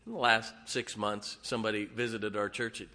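An older man preaching a sermon in a church, swinging from booming declarations to quiet wry asides. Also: fairly even intonation, fairly quick. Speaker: pastor. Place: church sanctuary. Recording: long hall reverb.

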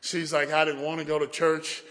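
A man's voice: a little high, moderate pace. A man telling a story in a sermon, acting out the voices of the people in it. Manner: animated storyteller, acts out quotes. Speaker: preacher. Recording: echoey hall.

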